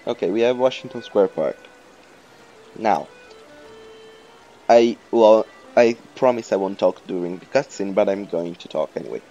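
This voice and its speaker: A man rambling through casual game commentary, swearing and joking at himself, his voice hoarse. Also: fairly low pitch, moderate pace, long pauses, dark tone, lo-fi sound, faint music behind. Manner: rambling, profane, self-mocking. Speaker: let's play host.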